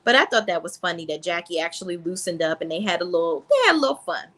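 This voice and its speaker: Woman, reality show recap, blunt and sassy, bright forceful voice, chatty. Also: fairly low pitch, sing-song, quick pace. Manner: blunt, sassy, talks straight to viewers. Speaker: reality TV reviewer. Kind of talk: casual recap commentary.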